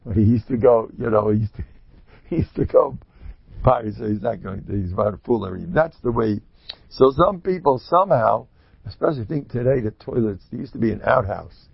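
A man's voice: on the low side, animated, brisk, creaky, breathy edge, dry recording, lo-fi sound. A man teaching an informal Torah class in a rambling, joking way, sprinkling in Hebrew and Yiddish terms.

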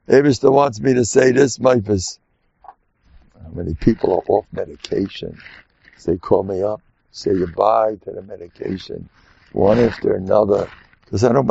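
A man's voice: lowish voice, creaky, a little mellow, husky, dry recording. A man giving an informal, joking religious talk full of personal stories and Yiddish and Hebrew terms, in a dull lo-fi recording. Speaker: religious speaker.

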